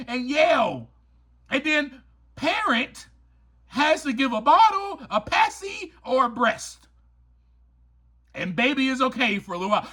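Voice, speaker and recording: Slow, animated male podcast host. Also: very high voice. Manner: emphatic and preachy, repeats key lines. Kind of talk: motivational recovery podcast talk.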